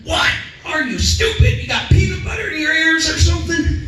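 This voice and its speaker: A comedian voicing an angry male debtor yelling on the phone, in an echoey club. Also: lively intonation, moderate pace, far from the mic, over music. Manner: shouting, high-pitched outbursts.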